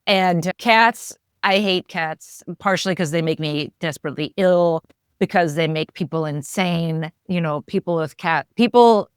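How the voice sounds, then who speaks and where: A middle-aged woman chatting on a podcast with a wry, opinionated edge. Her voice is very low and smooth, recorded dry and close. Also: a little slow, no echo. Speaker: podcast co-host. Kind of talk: casual chat.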